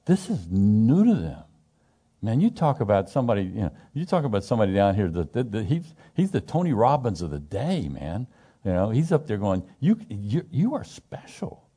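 A middle-aged Bible study teacher with a fairly low, sing-song, mellow voice and a breathy edge speaks a little fast. He teaches scripture loosely and emphatically, asks his group questions, and often restarts and repeats his sentences.

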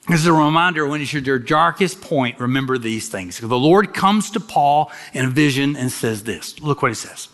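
Man preaching in a reverberant sanctuary. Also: on the high side. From Kentucky. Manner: swings from loud emphatic exhortation to quiet, slow, hushed phrases; folksy, jokes with the congregation. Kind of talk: sermon. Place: large church sanctuary. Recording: long hall reverb from a church sanctuary.

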